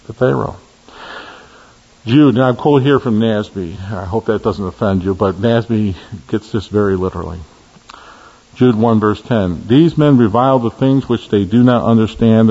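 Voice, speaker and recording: A man preaching a sermon, emphatic, swinging from stressed high peaks to low, quiet key words. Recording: lo-fi recording in a reverberant hall.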